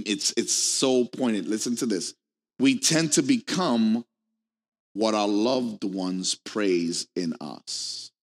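A middle-aged man preaching a sermon to a congregation, animated and playful, acting out quoted people in a raised voice. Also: mid-range voice. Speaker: pastor. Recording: long hall reverb.

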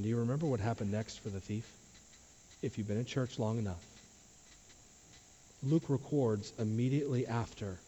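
A man, a pastor, preaching a sermon to his church, dropping to quiet low asides and rising to loud emphatic questions. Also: slight background noise. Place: church sanctuary. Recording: dull sound with long hall reverb.

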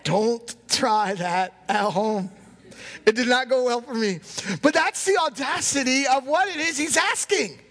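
A man in his thirties delivers a passionate sermon, his voice sitting unusually high. He rises to shouts at times and slips into the voices of the people in his stories. The sound carries the long reverb of a big hall. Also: lively intonation, a little slow. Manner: impassioned preaching, acts out quoted voices. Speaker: pastor.

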